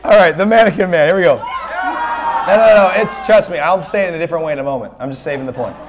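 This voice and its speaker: High-voiced joking preacher. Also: male voice, fast, over a noisy crowd, heavy background noise. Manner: blunt, joking, conversational preaching. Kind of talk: sermon.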